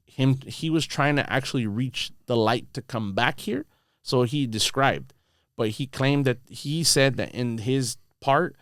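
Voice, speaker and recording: A man's voice: medium pitch, clean tone, no echo. A man, a podcast guest in a studio, telling a rambling story in casual slang full of "dude" and "bro".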